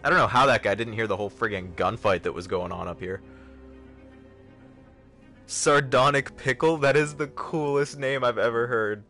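A man's voice: medium pitch, moderate pace, pushed and bright, soft background music. A man giving casual, joking commentary on a gaming livestream, chatting with viewers. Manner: chatty, joking, talks to chat. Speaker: streamer.

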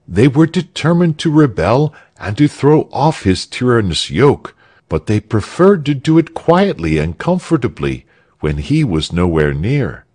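A man reading a story aloud for English learners, slowly, clearly and expressively. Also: mid-range voice, sing-song, a little mellow. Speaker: narrator.

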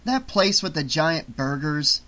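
A lazy, hungry policeman grumbles in a slightly raised, slow voice, as a male narrator voices him. The tone is bright and lightly complaining. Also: fairly high pitch, expressive. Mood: grumbling.

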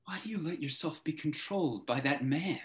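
Brief: young male actor as a wounded, sneering young playwright; wide-ranging pitch, roomy echo. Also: lively intonation, brisk, lightly acted. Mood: wistful. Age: young adult. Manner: swings from hushed grief to sneering outbursts. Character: bitter young man, struggling playwright son. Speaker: student actor. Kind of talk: stage drama over video call. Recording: echoey room over video call.

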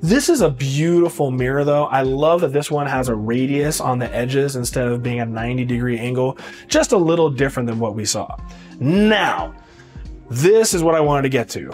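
A man's voice: mid-range voice, normal speed, a little mellow, faint music behind. A man giving a casual, upbeat walkthrough of a house as a real estate agent, repeating words of praise as he moves from room to room indoors. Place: indoors walking through a large house.

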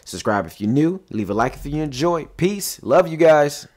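A man's voice: fairly high pitch, normal speed, slight background noise. A young man hosting his own gaming channel, telling a match story in slangy, laughing commentary. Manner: animated storytelling with frequent laughs; slangy and excitable.

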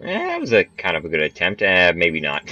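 A man's voice: low-pitched, huge pitch swings, normal speed, bright, forceful tone. A young man giving casual, chatty commentary on his own gameplay, laughing at his missed shots. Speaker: gaming channel host. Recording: muffled, dry home recording.

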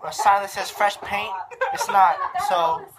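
A man's voice: high-pitched, big pitch swings, measured pace, gravelly, a loud crowd, poor audio. A young man in college, vlogging casually from his dorm room in a laid-back, slangy way, laughing often. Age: young adult. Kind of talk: casual rambling vlog.

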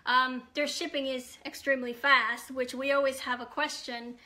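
High, bright-voiced woman chatting live. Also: level tone, moderate pace. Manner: chatty, greets viewers, frequent ums. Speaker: live-stream host. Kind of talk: casual live-stream chat.

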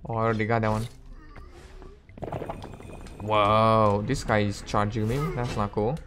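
A man's voice: fairly low pitch, little pitch movement, a little slow, noisy background. A man giving casual, reactive commentary while playing a video game, exclaiming and laughing at himself. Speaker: gameplay video host.

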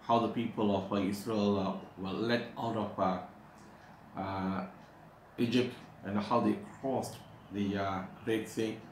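A man preaching a sermon, pausing often with "uh" and slowing down to stress scripture verses. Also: on the low side, fairly even intonation. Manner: halting, with frequent "uh" pauses. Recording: echoey room, faint background noise.

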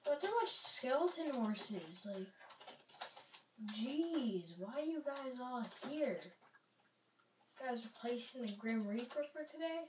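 A woman's voice: on the high side, lively intonation, takes it slowly. A young woman casually commenting on a video game she is playing, rambling and playful, sometimes dropping to a whisper. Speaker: gaming YouTuber. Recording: roomy, distant mic, faint noise.

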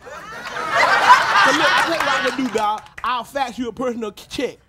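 Male actor as a shrill-voiced show-off hustler, live audience roaring, noisy stage. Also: fairly quick. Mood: boastful. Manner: brags loudly in slang, calling everyone boy. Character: flashy boastful young street hustler, big talker. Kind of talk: live sketch comedy acting. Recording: live stage, loud audience laughter and noise.

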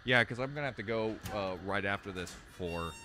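A man's voice: fairly low pitch, a little fast, noisy background. A man streaming a horror game, joking and rambling, sometimes reading the game's text aloud. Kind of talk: casual game stream chat.

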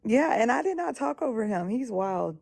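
Raspy, sick woman host, gravelly fry, dry close sound, teasing and laid-back. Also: on the high side, very animated, moderate pace, a little mellow, dry recording. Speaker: live stream host. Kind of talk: casual chat.

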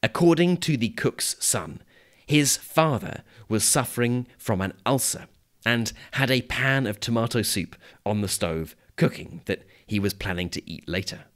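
A British man hosting an educational podcast, reading a scripted story in a clear, measured way for learners. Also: medium pitch, animated. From Britain. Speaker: podcast host.

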